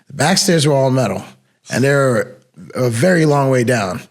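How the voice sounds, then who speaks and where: A young man co-hosting a podcast, formerly a bouncer, tells relaxed, slangy stories from his security work in casual chat. His mid-range voice is animated at a moderate pace, broken by bursts of laughter.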